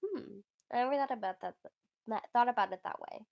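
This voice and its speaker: Casting: young woman, squeaky and a touch high, giggly livestream chatter, dry close mic. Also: fast, gravelly, dry recording, dull audio. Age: young adult. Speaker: livestream host. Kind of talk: casual livestream chat.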